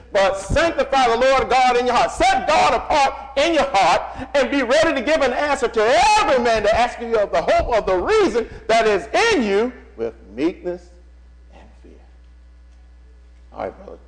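Animated high-voiced male preacher. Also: rough recording. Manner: animated, calls on congregation, repeats phrases. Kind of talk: sermon. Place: church.

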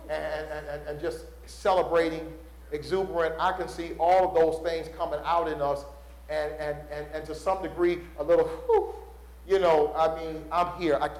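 A male preacher delivers a sermon with call-and-response, building loud and dropping low. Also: a little hiss or hum. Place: church sanctuary. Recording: roomy church echo.

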